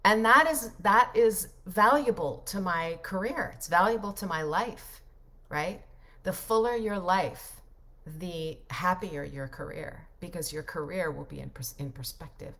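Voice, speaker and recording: Slow-talking low-voiced woman livestream host. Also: sharp tone. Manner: chatty and reflective, rambling with fillers. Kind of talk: casual livestream talk answering comments.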